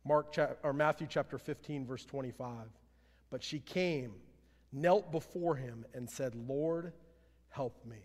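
A man preaching a sermon as pastor, earnest, swelling louder then dropping low at line ends. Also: measured pace. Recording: long hall reverb.

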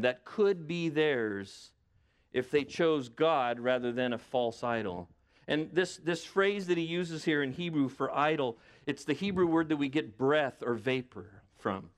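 A man preaching a sermon as pastor in a conversational way, with lots of rhetorical questions to his listeners. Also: mid-range voice.

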